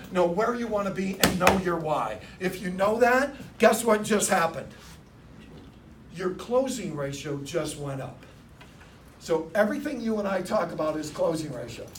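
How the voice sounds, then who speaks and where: High-voiced man leading a sales rally. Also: lively intonation, normal speed, distant mic, a little hiss or hum. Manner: punchy, rallies audience into call-and-response. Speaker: sales coach. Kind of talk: motivational sales talk. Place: dealership meeting room.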